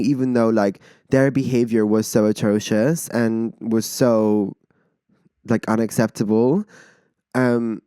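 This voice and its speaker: A young man tells a personal story on his podcast, swinging into indignant, profanity-laced outbursts thick with "like" fillers. His voice sits at an ordinary male pitch. The sound is dry and close, with no room around it. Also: a little mellow, clear, resonant tone, no room sound. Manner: swears a lot, fast-rising indignant outbursts, many "like" fillers. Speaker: podcast host. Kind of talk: emotional storytelling monologue.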